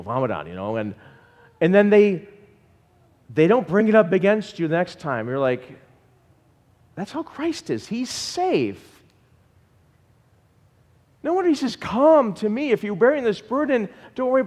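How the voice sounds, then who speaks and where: A man preaching a sermon in an animated way and asking the congregation questions. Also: fairly high pitch, long reverb tail. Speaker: pastor.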